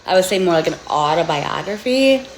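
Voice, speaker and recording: A woman chatting casually on a livestream about the book she wrote, hesitant, with many pauses and restarts. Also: lowish voice, lively intonation, echoey room, a little hiss or hum, poor audio. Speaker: author promoting her own book.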